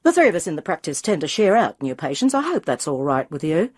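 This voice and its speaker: A woman voicing a brisk, offhand male dentist of about forty with an Australian accent. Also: low voice, big pitch swings, a little mellow, breathy edge, heavily acted.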